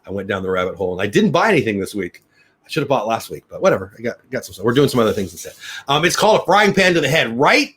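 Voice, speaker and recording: A man's voice: medium pitch, sing-song, very fast, fairly bright tone, slightly rough. A middle-aged man hosting a daily live news show, rambling upbeat chat and thanking viewers by name. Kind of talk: casual live-stream chat.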